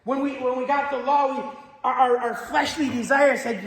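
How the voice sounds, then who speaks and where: A man's voice: very high voice, fairly even intonation, normal speed, a bit bright. A man preaching a sermon as pastor, conversational and joking, telling stories about his family. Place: church sanctuary. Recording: echoey church with long reverb.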